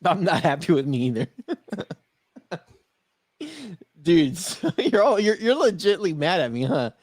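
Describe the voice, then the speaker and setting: A man's voice: fairly high pitch, very animated, a little slow, a little mellow, no echo, studio quality. A man co-hosting a casual streaming podcast, laughing a lot and reading out viewer comments. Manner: giggly, laughs often, reads out chat comments. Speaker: podcast co-host. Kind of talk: casual livestream chat.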